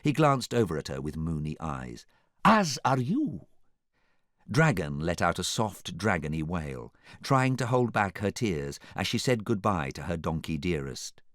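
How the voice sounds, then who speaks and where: Animated male storybook narrator. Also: deep voice, moderate pace, few pauses, dry recording, clean studio sound. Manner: animated, expressive reading. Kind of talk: audiobook narration.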